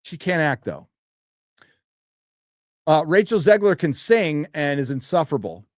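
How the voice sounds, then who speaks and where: A man from the United States with a voice on the high side speaks a little slowly in a sing-song way; the recording is studio quality with no echo. Hosting a casual live stream, he reads viewer donations and messages aloud in an offhand, crude manner full of fillers.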